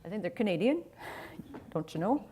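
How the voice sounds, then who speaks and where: A middle-aged woman giving a conversational conference talk on a stage microphone, chatty and quick to laugh. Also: mid-range voice, sing-song, warm tone, a little hiss or hum. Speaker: conference speaker. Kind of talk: conference presentation.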